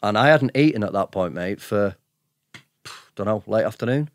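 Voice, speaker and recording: A man's voice: fairly low pitch, lively intonation, normal speed, no room sound, clean studio sound. A man telling his story as a podcast guest, blunt and sweary, chuckling between anecdotes. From United Kingdom. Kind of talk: casual storytelling.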